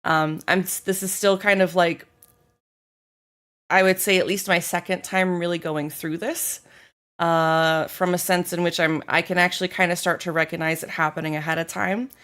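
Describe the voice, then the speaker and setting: A woman's voice: on the low side, flat delivery, normal speed, a bit bright. Subdued woman streamer thanking chat. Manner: candid, apologetic, thanks viewers by name. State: feeling unwell, low energy. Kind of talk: casual live-stream chat.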